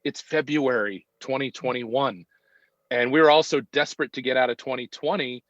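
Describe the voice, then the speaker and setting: In a casual conversational interview, a podcast guest in his fifties speaks at a normal speed in a medium-pitched voice. He is reflective and hesitant, with lots of ums and restarts. The sound is dull and dry, with no room sound.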